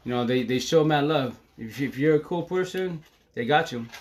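A man from the Seattle area talks fast and excitably in a fairly high voice during a casual Facebook Live monologue. His speech is slangy and profane, packed with constant fillers.

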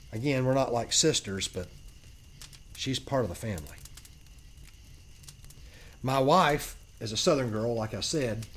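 A man narrating a first-person paranormal story as a podcast host, earnest and emphatic with dramatic pauses. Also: mid-range voice, slight background noise.

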